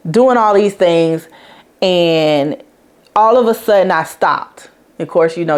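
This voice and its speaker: A woman hosting a podcast, telling a personal story in a frank, chatty way and speaking straight to her listeners. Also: on the low side. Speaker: podcast host.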